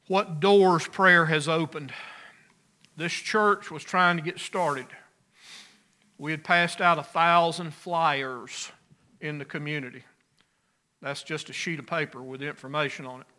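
A pastor preaching a sermon, earnest, rising loud on key phrases and dropping soft. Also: male voice, on the high side, steady tone, unhurried, long pauses.

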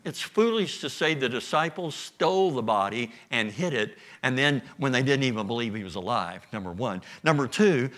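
A man preaching a sermon, telling the story with lively energy and bits of acted dialogue. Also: mid-range voice. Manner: animated storytelling with acted voices. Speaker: pastor.

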